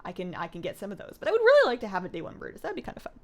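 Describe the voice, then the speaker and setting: A young Canadian woman chats casually while streaming a game, reading viewer comments aloud. Her medium-pitched voice swoops wildly, and she talks rapid-fire.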